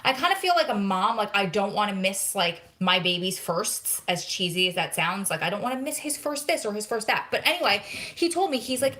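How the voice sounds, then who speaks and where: A woman's voice: medium pitch, a little fast. A woman in her thirties from New Jersey, hosting a casual live question-and-answer vlog, telling stories with lots of quoted back-and-forth and sounding close to tears. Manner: chatty, animated storytelling with quoted dialogue. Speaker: vlog host.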